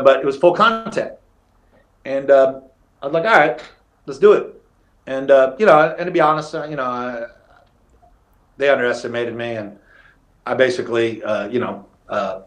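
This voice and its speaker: In a relaxed storytelling interview, a middle-aged podcast guest with a mid-range voice recounts fights animatedly. He acts out what people said and swears without restraint.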